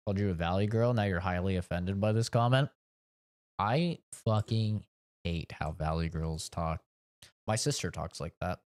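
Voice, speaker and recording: A man's voice: low voice, measured pace, long pauses, a little mellow. A man live streaming video games, chatting casually in a rambling, profane way. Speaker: game streamer.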